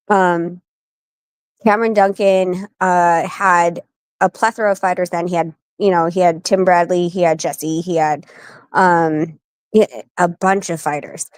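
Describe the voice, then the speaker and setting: Woman in her 40s chatting on a podcast, lively storyteller, does little voices for people, dry close sound. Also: on the low side, clear, resonant tone, no room sound. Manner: animated, acts out quoted voices. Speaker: guest, wife and manager of a boxer. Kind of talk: casual interview storytelling.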